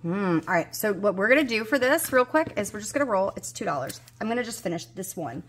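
With a mid-range voice and a breathy edge, she talks fast and very animatedly. This woman in her forties, a budgeting vlogger with a Southern US accent, chats to herself casually while playing a budgeting game. She's mildly exasperated as she hunts for pieces.

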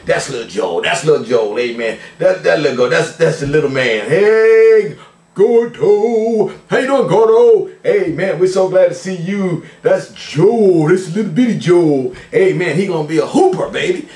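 An older pastor gives church-service shout-outs, greeting his family and viewers in a playful, folksy way and sprinkling in "glory to God" and "amen." His voice is a little high and darkish, expressive, at a moderate pace with hardly any pauses. He's heard from a distance in an echoey church sanctuary.

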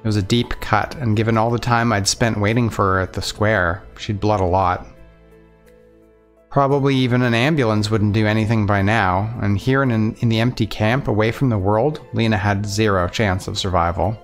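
A man with a lowish voice reads a visual novel aloud. His first-person narration is earnest and steady. Faint music sits under his voice. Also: moderate pace. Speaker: let's play narrator.

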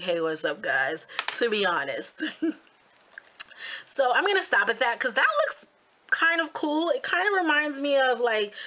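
Woman craft vlogger at home, bright, animated, gushing tutorial host. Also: on the high side. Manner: bubbly, gushing, talks straight to viewers. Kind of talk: casual DIY tutorial talk.

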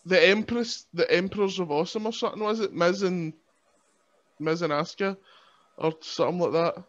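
In a dull, lo-fi recording, a Scottish-accented man chats casually as a podcast guest, joking and rambling at his own expense. His voice is high and his pace a little fast.

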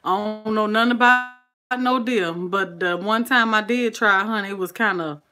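A bright-voiced Southern American woman from the Southern United States hosts a cooking livestream, chatting casually with viewers. She's folksy, greets viewers by name and sprinkles in "honey" and "child," speaking at a moderate pace in a mid-range voice.

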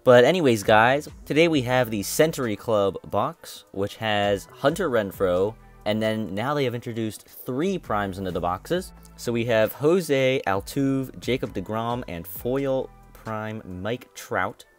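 A man's voice: mid-range voice, animated, a little slow, few pauses, soft background music. A young man hosting his own gaming channel, commentating a mobile game box opening in a frustrated, complaining way and repeating himself.

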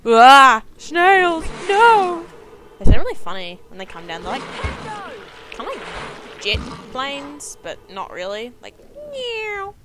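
A young woman talks through her playthrough in an easygoing, self-mocking way, breaking into yelps when the game turns on her. Her voice sits fairly high and swings all over the place, though she never rushes. Game music plays clearly underneath. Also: animated, very noisy. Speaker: let's play gamer. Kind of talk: casual game commentary. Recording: game music playing behind.

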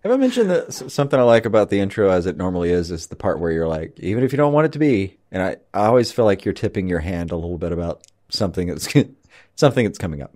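A man's voice: sits low, sing-song, darkish tone. A man co-hosting a podcast in casual chat, rambling and laughing as he talks. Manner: rambling, quick, laughs often. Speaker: podcast co-host.

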